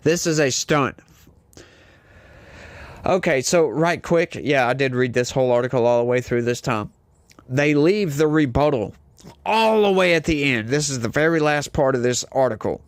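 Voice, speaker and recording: A man's voice: mid-range voice, lively intonation, normal speed, no echo. Southern louisiana guy ranting about the news, hyper, fired up, dry close sound. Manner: heated, ranting, rhetorical questions; hyper and scattered. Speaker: political commentary host. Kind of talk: news reading and opinion commentary.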